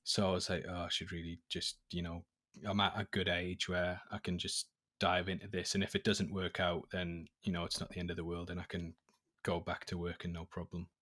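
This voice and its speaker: A man being interviewed as a YouTube guest, speaking in a measured, thoughtful way with some hesitant fillers. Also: deep voice, flat delivery, a bit bright. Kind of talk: casual interview chat. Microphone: remote call audio.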